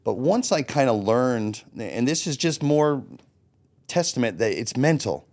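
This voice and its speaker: A man's voice: mid-range voice, unhurried. A man in his late forties, a guest telling his own story in a candid, blunt way, swearing freely and acting out his own past thoughts. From Florida. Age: 40s. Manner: blunt, swears freely, animated when quoting himself. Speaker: interview guest.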